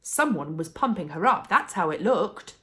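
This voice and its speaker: A woman reading a children's book aloud as a bedtime story, with expressive, animated storytelling. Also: fairly low pitch, moderate pace.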